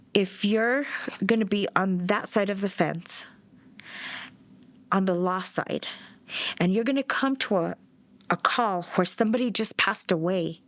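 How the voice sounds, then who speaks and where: A woman's voice: mid-range voice, fairly bright tone, no echo. A middle-aged woman telling her story as a bereaved mother in a documentary interview, blunt and outspoken.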